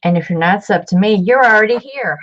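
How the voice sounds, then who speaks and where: A woman hosting a casual craft livestream, chatting warmly and rambling, repeating herself as she works. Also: medium pitch, lively intonation, brisk, lo-fi sound.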